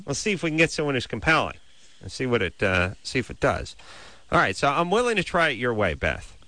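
A man's voice: mid-range voice, a little fast, no echo. Nasal, wordy male radio host. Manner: wordy, argumentative, deadpan. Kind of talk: late-night call-in radio banter. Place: radio studio. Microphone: studio mic.

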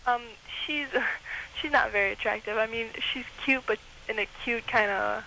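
A young woman calling in to a radio show, talking haltingly with lots of fillers about her jealousy. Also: on the high side, gravelly, sharp tone. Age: young adult. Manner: jealous, hesitant, filler-heavy. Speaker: caller. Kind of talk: phone-in call. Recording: hissy phone line.

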